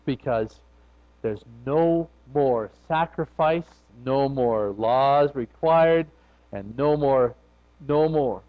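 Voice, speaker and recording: Man preaching a sermon, lo-fi recording. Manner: conversational preaching with swings in loudness and pitch. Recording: dull lo-fi recording.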